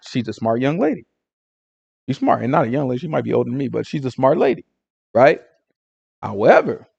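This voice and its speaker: A man giving an informal Sabbath teaching to a congregation, talking in an animated, conversational way full of rhetorical questions. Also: on the high side, gravelly, dry recording.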